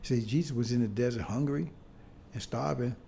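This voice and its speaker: This preacher's voice is medium-pitched, mellow and warm, with vocal fry, and a faint ambient hum lies beneath it. His sermon is casual and conversational; he often turns to the congregation with "see?", restarts phrases, and presses points in emphatic bursts.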